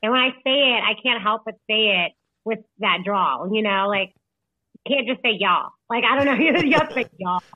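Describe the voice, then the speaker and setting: A woman's voice: fairly high pitch, expressive, a little fast, sharp tone, no room sound. A young woman from Illinois, a podcast guest and author, chatting casually and saying "like" a lot. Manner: chatty, laughs often, says "like" a lot. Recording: tinny phone-like line, dry.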